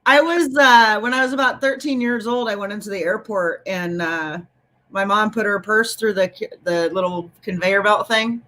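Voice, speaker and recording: A woman's voice: mid-range voice, moderate pace, pushed and bright, a little hiss or hum. A woman hosting a casual chat with fellow comedians, laughing often and greeting viewers as they join. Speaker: podcast host.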